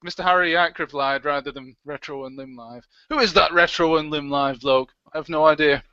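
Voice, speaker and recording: Man, livestream co-host, bright fairly high voice, jokey chatter, dull lo-fi audio. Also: fairly quick, clean tone, dry recording. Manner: jokey, chatty, reads out comments. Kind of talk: casual chat.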